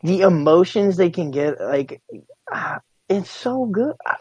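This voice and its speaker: A young man with a fairly high voice rambles through a casual podcast chat. He restarts his sentences constantly, swears freely and keeps saying bro. The mic is close and dry. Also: animated, unhurried, darkish tone, breathy edge, dry recording, muffled recording. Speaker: podcast co-host.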